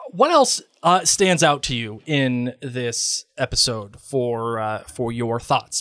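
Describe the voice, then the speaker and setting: A man co-hosting a casual podcast recap, excitable and slangy, often trailing off mid-sentence. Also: medium pitch, takes it slowly, dry recording, studio quality. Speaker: podcast co-host.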